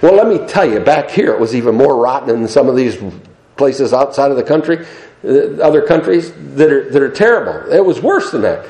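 A male American preacher delivering a sermon, dropping to low murmurs and then rising to high, shouted emphasis. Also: big pitch swings, a little fast, reverberant, poor audio.

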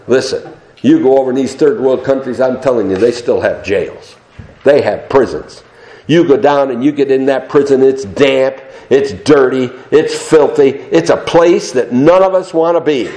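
A male American preacher delivering a sermon, dropping to low murmurs and then rising to high, shouted emphasis. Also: expressive, moderate pace, echoey room, rough recording.

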